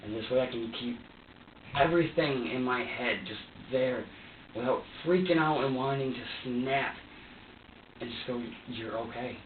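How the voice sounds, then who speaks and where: Halting man in an echoey interview room. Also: medium pitch, distant mic, a little hiss or hum. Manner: halting and repetitive, many fillers and restarts. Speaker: suspect being questioned. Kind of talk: police interrogation, recounting events. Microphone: distant room recorder. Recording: tinny lo-fi, echoey room, off-mic.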